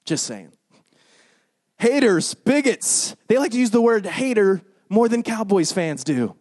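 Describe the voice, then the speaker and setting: Male preacher, sermon, high voice, sarcastic, punchy, swings loud to hushed. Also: very animated, moderate pace.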